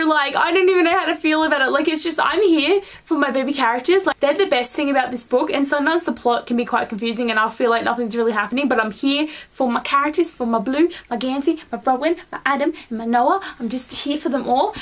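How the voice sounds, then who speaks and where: A young adult woman vlogging a monthly reading wrap-up in a gushing, excitable way, full of "like" fillers. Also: sits high. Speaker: book vlogger.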